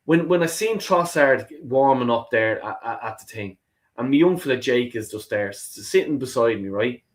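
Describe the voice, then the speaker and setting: A man's voice: mid-range voice, expressive, moderate pace. A man hosting a football call-in stream, ranting heatedly and swearing heavily, often repeating himself. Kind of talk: heated fan rant.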